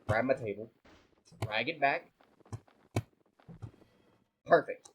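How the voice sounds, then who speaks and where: A man's voice: mid-range voice, slow pace, a little hiss or hum, rough recording. A young man giving casual, self-mocking commentary on a sandbox building game, flustered and rambling as he fumbles along. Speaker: gaming YouTuber.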